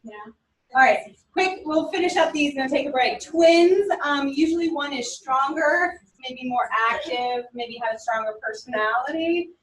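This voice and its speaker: High-voiced woman lecturing in an echoey classroom. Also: normal speed, slight background noise. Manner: animated, storytelling with quoted voices. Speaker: instructor. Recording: echoey room from a distance.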